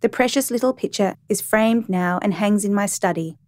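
A woman narrating a first-person story in a calm, even, reflective reading voice. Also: medium pitch, moderate pace, dry recording.

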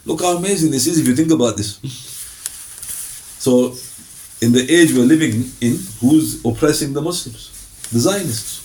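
Blunt male class teacher, fairly high voice, leans hard on the verses he reads, rattles through the asides. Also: lively intonation, a little mellow. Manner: reads verses slowly and emphatically, then explains quickly with blunt jokes. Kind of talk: religious class lecture.

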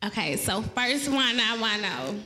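A woman hosts a live podcast, her voice high and bright. She talks loud and laughs a lot, swearing freely in casual banter with her co-hosts. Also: very animated, unhurried, soft background music, rough recording. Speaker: podcast host.

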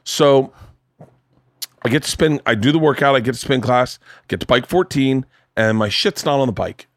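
A man hosting a podcast, telling a story in casual chat, animated and swearing, acting out other people's voices. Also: medium pitch, moderate pace, no room sound, studio quality. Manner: animated, swears, acts out quoted voices loudly. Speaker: podcast host. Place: home studio room.

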